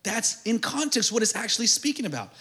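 A man preaching a sermon, calling on the congregation to answer back and building up to shouted, fervent peaks. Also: sits high, very animated, fairly quick. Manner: call-and-response preaching, builds to shouted climaxes; acts out prayers in a mumbled comic voice. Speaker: pastor.

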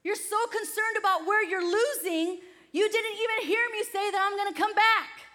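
A woman's voice: very high voice, steady tone, normal speed, voice pushed up. Woman doing an exasperated Jesus. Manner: loud, pleading, exasperated. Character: exasperated Jesus scolding worried disciples.

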